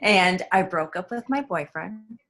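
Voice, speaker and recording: A woman with a lowish voice tells a personal story as a guest in an interview. She speaks haltingly, pausing on ums and restarting her sentences as she goes. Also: expressive, over music. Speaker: guest author.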